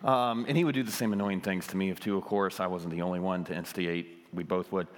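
A man's voice: sits low, fairly even intonation, fast. Guy preaching, chatty story mode, ums everywhere, kinda pokes fun at himself, big echoey hall. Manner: conversational, many ums, self-deprecating humor. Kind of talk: sermon with personal story.

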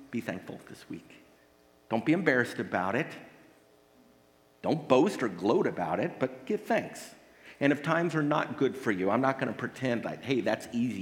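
A male pastor delivering a sermon in an earnest, pleading way, pressing his points with rhetorical questions. His voice sits at an ordinary middle pitch for a man. It rings out with a long reverb, as in a large church hall.

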